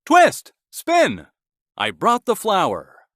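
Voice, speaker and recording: A patient, hardworking storybook cockerel calls out eagerly and loudly, as a man puts him on. The voice is pushed up high and leaps all over its range. The recording is dry. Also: wildly swooping pitch, unhurried, no echo, exaggerated voice. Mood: calling, eager.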